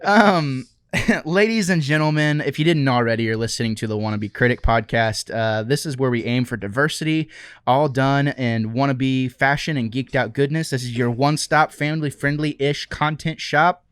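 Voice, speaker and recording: Guy hosting a podcast on a video call, upbeat and jokey, clean smooth voice. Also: mid-range voice, moderate pace, fairly bright tone, dry recording, studio quality. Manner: upbeat, jokey and self-deprecating. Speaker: podcast host. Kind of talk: casual interview chat.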